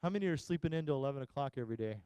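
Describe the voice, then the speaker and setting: A male pastor on a church live stream delivers a funny sermon at rapid-fire speed, his warm, expressive, mid-range voice smooth but muffled, with no room sound. He tells stories and acts out the quoted voices of their characters.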